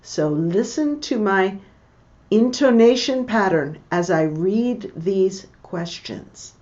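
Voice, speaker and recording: A woman reads a book passage aloud at a slow, careful pace, stopping to explain words and how her questions rise or fall. She sounds like a patient English teacher. The recording is a bit dull and lo-fi. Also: mid-range voice, animated, darkish tone. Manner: slow, deliberate reading with pronunciation comments. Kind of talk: reading aloud and explaining a text.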